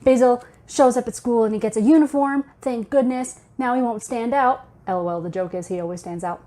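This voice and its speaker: A woman's voice: fairly high pitch, a little fast, mellow. A woman who markets a webcomic, reading and retelling a comic chapter aloud in a chatty, playful way. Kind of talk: casual comic-book read-aloud.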